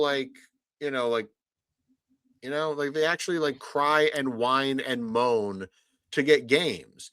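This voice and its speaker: A man's voice: mid-range voice, slow, long pauses, fairly bright tone, no room sound. A man co-hosting a sports podcast, ranting sarcastically in casual chat. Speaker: podcast co-host.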